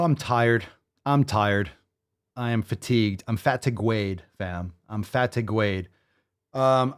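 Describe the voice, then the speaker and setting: A man's voice: mid-range voice, darkish tone. A man hosting a show, talking in casual, profane, rambling commentary with a sarcastic, exasperated edge. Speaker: show host. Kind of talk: livestream commentary.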